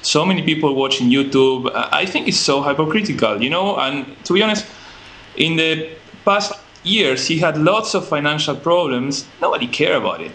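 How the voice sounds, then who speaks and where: A man from Argentina voices firm opinions in relaxed conversation. He hesitates with frequent fillers and restarts. His voice sounds bright and sharp, with faint hiss behind it. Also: on the high side, moderate pace, rough recording. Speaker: podcast co-host. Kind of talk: casual conversation.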